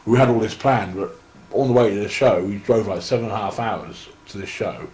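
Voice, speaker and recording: Here a young English wrestler, interviewed casually, spins long meandering anecdotes full of restarts. His voice sits on the low side and is a little mellow, his delivery brisk, and the room echoes.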